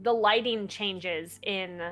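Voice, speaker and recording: A young woman narrating as game master of a tabletop game, relaxed and hesitant, with many fillers. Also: medium pitch, takes it slowly, faint music behind.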